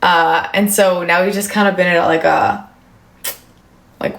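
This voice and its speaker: A woman's voice: fairly low pitch, steady tone, measured pace, gravelly, a bit bright, roomy sound. A woman in her thirties hosting a casual livestream, chatting with viewers and answering their comments with lots of fillers. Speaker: livestream host.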